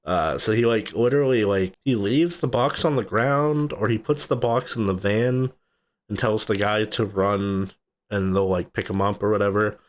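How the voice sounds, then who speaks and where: A man's voice: lowish voice, moderate pace. A man co-hosting a podcast, rambling casually about a film, swearing and laughing as he retells scenes. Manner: rambling, swears casually, laughs often, acts out movie quotes. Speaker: podcast co-host. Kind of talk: casual movie chat.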